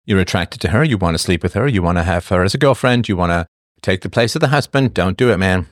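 A middle-aged man with a low voice, lively intonation and a quick pace hosts a casual livestream answering viewers' questions. Chatty and blunt, he laughs often and drifts off topic, recorded in studio quality with no room sound.

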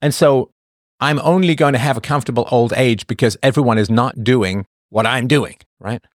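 Clean studio sound with no room echo captures a middle-aged livestream host speaking at a moderate pace in a mid-range voice. He answers viewers chattily and bluntly, laughs a lot, and tends to wander off topic.

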